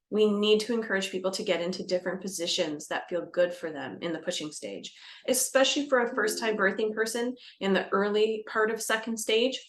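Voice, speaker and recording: In an educational talk to camera, a doula brings birth practice to life, acting out scenes with gasps and moving into a quiet, calming voice. She has a mid-range voice.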